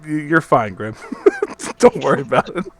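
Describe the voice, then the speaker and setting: A man's voice: a little high, lively intonation, moderate pace, a crowd in the background. A man running a tabletop game as game master, narrating scenes and voicing townsfolk, often laughing.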